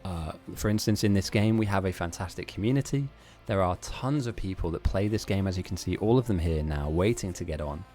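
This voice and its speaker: A man's voice: sits low, brisk, few pauses, mellow, faint music behind. A man hosting a live-streamed game tournament, chatting casually in a rambling, self-mocking way with frequent laughs.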